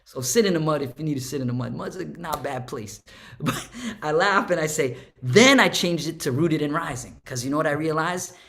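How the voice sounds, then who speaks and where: A man, a guest artist and educator, telling stories in a lively conversation, acting out quotes with big swings in his voice and slangy speech. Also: on the high side, fairly quick, creaky. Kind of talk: animated storytelling conversation.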